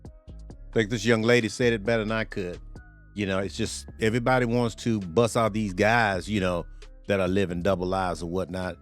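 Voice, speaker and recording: A man's voice: lowish voice, fairly even intonation, moderate pace, soft background music. A male host giving rambling reaction commentary on a video clip, padding his talk with "you know" and "or whatnot".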